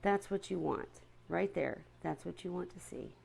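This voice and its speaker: A woman's voice: on the low side, normal speed, creaky, a little mellow, breathy edge. A woman chatting casually to viewers on a live stream about her seahorses, often stopping to apologize.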